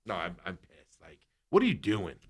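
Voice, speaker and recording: A man's voice: sits low, wildly swooping pitch, moderate pace, slightly rough. A man hosting sports talk, ranting with heat and sarcasm. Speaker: sports radio host. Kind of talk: heated sports talk rant.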